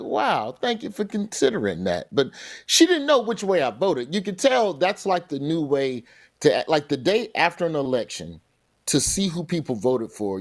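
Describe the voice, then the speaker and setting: A man, a comedian and TV host, telling stories in a casual chat and jumping into quick character voices. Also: medium pitch, dry recording. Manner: animated storytelling, slips into character voices. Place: remote, in London.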